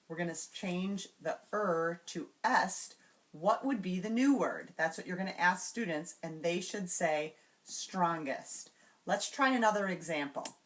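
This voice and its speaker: A woman demonstrating classroom reading routines, sounding out words patiently and slowly. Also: lowish voice. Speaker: teacher trainer. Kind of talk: instructional demonstration.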